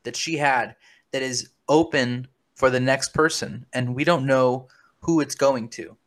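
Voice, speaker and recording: A man's voice: mid-range voice, steady tone, measured pace, fairly bright tone. A man hosting a comedy podcast, speaking with mock seriousness, conspiratorial and stumbling over repeated words. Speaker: podcast host. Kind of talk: comedic deadpan chat.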